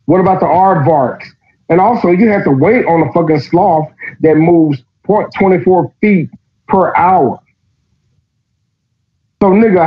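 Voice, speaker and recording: Man, podcast host, profane mocking riffs, raspy voice, muffled lo-fi sound. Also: a little high. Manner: profane, mocking, reads passages aloud then riffs. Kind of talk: casual reading and commentary. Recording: dull lo-fi recording.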